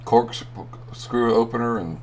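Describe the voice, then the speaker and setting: A man's voice: medium pitch, slow, darkish tone, slight background noise. A man on a live stream show, answering in a dry, gloomy way in casual banter. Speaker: regular guest.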